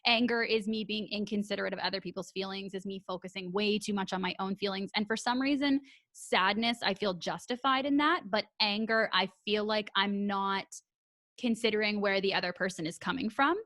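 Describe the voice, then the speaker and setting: A woman hosting a podcast in casual chat, animated and laughing often, swearing freely. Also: medium pitch, brisk, dry recording, clean studio sound. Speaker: podcast host.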